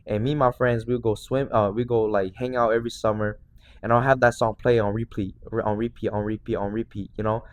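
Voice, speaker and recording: A man in his twenties, a podcast host, telling a story in excited, slangy casual chat full of fillers. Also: mid-range voice. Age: 20s.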